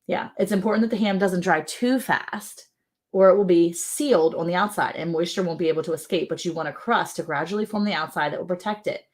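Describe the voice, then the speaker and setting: A woman with a fairly low voice hosts a relaxed livestream from a ranch. She chats easily, reads viewer comments aloud and laughs often. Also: fairly quick. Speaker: livestream host. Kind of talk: casual livestream chat. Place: ranch home.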